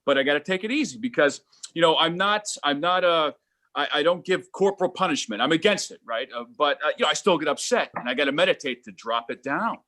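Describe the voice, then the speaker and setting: A middle-aged man doing a rambling stand-up set over a video call, animated and prone to loud exasperated outbursts. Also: a little high, fast. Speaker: stand-up comedian. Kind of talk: virtual open-mic stand-up set. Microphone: home video call mic.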